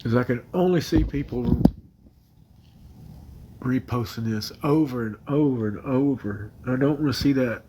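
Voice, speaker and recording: A man crying while he talks on a phone livestream from his bedroom, halting, emotional and apologetic. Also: medium pitch, noisy background. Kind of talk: casual livestream chat. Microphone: phone camera.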